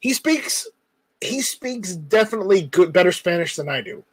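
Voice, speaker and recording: A man's voice: high voice, animated, normal speed, husky, no room sound, low-quality recording. A man hosting a casual livestream, reading viewer comments aloud and rambling with jokes. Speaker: livestream host reading chat.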